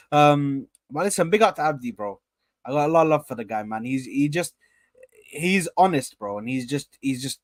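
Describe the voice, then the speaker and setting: A young man chats loosely on a live stream and keeps circling back to shout out his viewers. His voice sits a touch high for a man. The sound is close and dry, with no room around it. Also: no room sound. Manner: rambling, repeats himself, shouts out viewers. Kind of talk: casual live chat.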